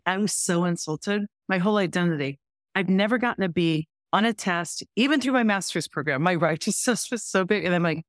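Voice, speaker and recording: Animated woman telling a story. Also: medium pitch, fairly quick, dry recording, studio quality. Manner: animated storyteller acting out dialogue. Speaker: podcast guest, workplace author and speaker. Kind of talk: storytelling interview chat.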